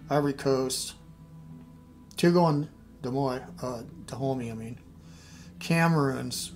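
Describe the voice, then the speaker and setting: A man's voice: medium pitch, a little mellow. A middle-aged man thinking aloud as he plays a strategy game, muttering and trailing off. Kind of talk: casual game commentary.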